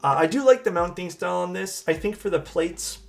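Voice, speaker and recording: Gravelly-voiced young man streaming casually. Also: high voice, fairly quick, over music. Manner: loose, rambling, swears casually, chats with viewers. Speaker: streamer building a keyboard. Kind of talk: casual live-stream chat while working.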